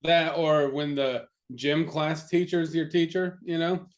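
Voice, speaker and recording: A man's voice: fairly high pitch, steady tone, a little slow. A man co-hosting a podcast, chatting in an easygoing way, laughing and swearing casually. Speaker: podcast co-host. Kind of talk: casual chat.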